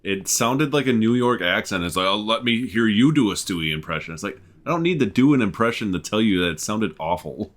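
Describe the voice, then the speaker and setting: A man playing along on a gaming stream, chatting with dry, deadpan remarks. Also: lowish voice, a little fast, few pauses. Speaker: co-player guest. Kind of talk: casual gaming chat.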